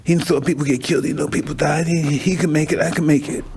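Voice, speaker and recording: A man's voice: fairly high pitch, steady tone, quick pace, gravelly, a little mellow, slight background noise. A man hosting a conversation, talking intensely and emotionally, repeating himself and swearing, at times crying. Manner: intense, emotional, repetitive, profane. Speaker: podcast host.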